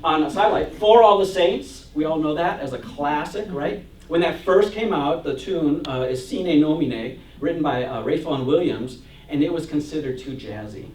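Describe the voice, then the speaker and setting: Male church music minister, higher voice, jovial and chatty class lecturer, recorded far off the mic in a roomy hall. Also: normal speed, darkish tone. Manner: jovial and chatty, reads hymn verses aloud with laughs. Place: church meeting room.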